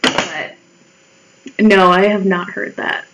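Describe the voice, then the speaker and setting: This livestreamer, an American woman, talks casually as she draws, meandering, swearing and joking at her own expense while her voice wears out. Her pitch is medium, her intonation fairly even, and she speaks slowly against a noisy background.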